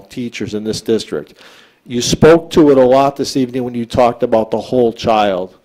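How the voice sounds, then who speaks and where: An American man stands before a school board and speaks as its superintendent, earnest and emphatic. His voice is mellow and average in pitch, and he often stumbles, repeating a word before pressing on. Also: moderate pace, low-quality recording. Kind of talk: public address at a school board meeting. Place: school board meeting room.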